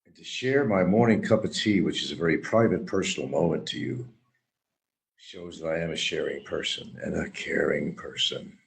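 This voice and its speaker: Gravelly low-voiced man, sarcastic streamer. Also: normal speed. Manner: sarcastic, mocking, rambling. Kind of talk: rambling livestream monologue.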